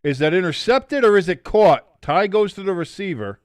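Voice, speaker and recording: A man's voice: high voice, expressive, normal speed, clear, resonant tone, dry recording, clean studio sound. A young man casually commenting on a football game live for a stream, reading chat aloud and swearing freely. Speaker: watch-along streamer.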